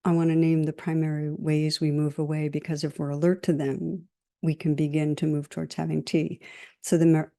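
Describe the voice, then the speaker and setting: Woman teaching meditation, low warm voice, gentle and reflective. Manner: gentle, reflective, with measured pauses. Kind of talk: dharma talk.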